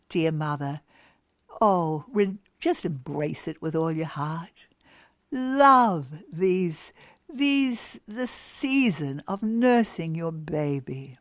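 Woman, fairly high voice, slow devotional talk to mothers, gushing and emphatic, whispers key words, dry close recording. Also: dry recording. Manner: slow and drawn out, with many exclamations.

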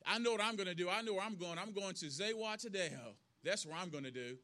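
A man voicing a quiet, dreamy male prisoner, hopeful and determined, speaking soft, slow and steady. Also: high voice.

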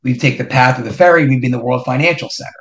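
Speaking at a racing pace in a medium pitch, this middle-aged New Jersey podcast host animatedly recounts a personal story, using repeated rhetorical questions to build suspense. His voice carries a roomy echo.

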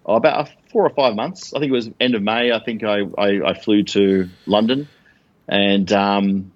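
A man's voice: fairly low pitch, moderate pace, highs cut off. A middle-aged Australian man telling rambling stories in a casual interview, acting out quoted lines. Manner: rambling, animated anecdotes with acted-out quotes. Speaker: guest.

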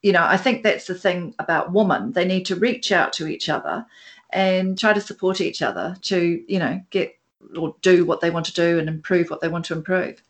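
A woman's voice: lowish voice, moderate pace. A woman hosting a podcast, chatting casually with her guest and often seeking agreement. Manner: chatty, agreeable, asks for confirmation. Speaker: podcast host. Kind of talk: casual interview chat.

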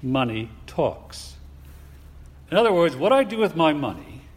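A man preaching a sermon in a deliberate, emphatic way, asking his listeners rhetorical questions. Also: on the high side, very animated, husky. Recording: long hall reverb.

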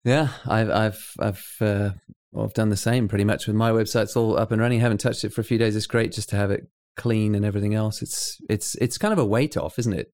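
A British man co-hosting a podcast, telling lively stories in casual chat and laughing often. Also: on the low side, fairly quick. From United Kingdom. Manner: animated storyteller, laughs often. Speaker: podcast co-host.

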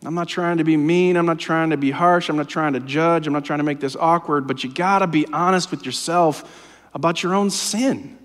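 A man preaching a sermon, impassioned and often dropping to a hushed, low voice. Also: steady tone, fairly quick. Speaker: pastor. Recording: long hall reverb.

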